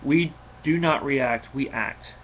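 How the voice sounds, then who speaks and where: A man's voice: mid-range voice, takes it slowly, phone-quality sound, a little hiss or hum, natural voice. A man voicing a zealous male alien brain creature who preaches and rallies in a sermon-like way. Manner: preachy, rallying.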